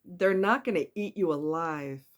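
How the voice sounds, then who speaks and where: A woman giving a casual monologue about relationships, emphatic and animated, repeating words for effect. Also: lowish voice, moderate pace. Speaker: relationship commentator.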